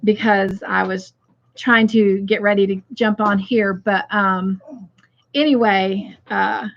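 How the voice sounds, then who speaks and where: A woman's voice: mid-range voice, fairly even intonation, slow, creaky, muffled recording. A woman hosting a casual craft livestream, chatting and greeting viewers by name as she reads their comments aloud.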